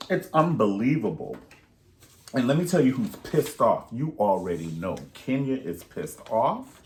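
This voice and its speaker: A man's voice: lowish voice, fairly bright tone. A man giving sassy, profane, rambling gossip commentary in a vlog.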